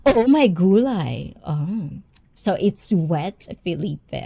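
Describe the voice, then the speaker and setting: Slow, chatty woman streamer. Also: fairly low pitch, animated, gravelly, warm tone, slightly rough. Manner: chatty, laughs often, greets viewers by name. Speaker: livestream host and personal trainer. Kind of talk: casual livestream chat.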